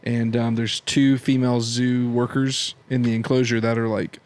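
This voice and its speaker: A man's voice: mid-range voice, flat delivery, normal speed, a little mellow. A man in his thirties co-hosting a church podcast, telling rambling anecdotes in casual chat. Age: 30s. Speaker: podcast co-host.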